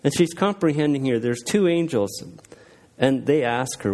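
A man giving an informal devotional talk. He reads scripture aloud and reflects on it in an earnest, unpolished way, with frequent pauses and fillers. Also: mid-range voice, animated, darkish tone. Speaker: lay speaker sharing a devotional.

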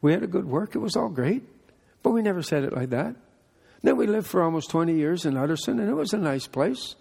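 A man's voice: sits high, very animated, fairly quick, creaky, a little mellow, breathy edge. An older man, a pastor giving a conversational sermon with folksy, joking asides. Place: church hall. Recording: echoey hall reverb.

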